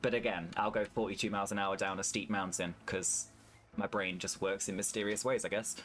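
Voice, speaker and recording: A man's voice: lowish voice, fairly even intonation, a little fast, a bit bright. Chatty British man streaming a farming game. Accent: British English. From United Kingdom. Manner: chatty, swears freely, answers chat. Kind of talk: casual gameplay stream chat.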